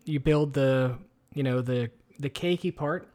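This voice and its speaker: A man's voice: medium pitch, unhurried, a little mellow. A man co-hosting a casual podcast from his kitchen on a headset mic, rambling with many fillers and restarts. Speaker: podcast co-host. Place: home kitchen. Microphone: headset microphone with headphones.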